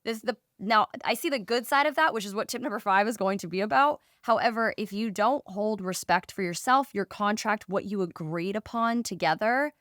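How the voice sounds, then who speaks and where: A woman's voice: mid-range voice, normal speed, hardly any pauses, no echo, studio quality. A woman co-hosting a podcast, giving casual advice and acting out conversations in quoted voices. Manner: animated, acts out quoted conversations. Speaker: podcast co-host.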